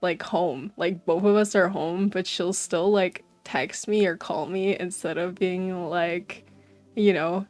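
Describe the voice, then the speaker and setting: A woman's voice: on the low side, fairly even intonation, takes it slowly, darkish tone, dry recording, soft background music. A young woman streaming, chatting casually and animatedly with her viewers and often saying "bro". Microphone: desk mic.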